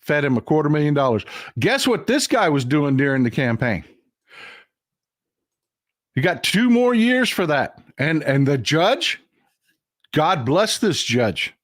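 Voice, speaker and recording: A man's voice: a little high, big pitch swings, a little slow, long pauses, no room sound, clean studio sound. An older man hosting a casual livestream, talking bluntly and with profanity while he reads out and thanks viewers' comments. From Texas. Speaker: livestream host.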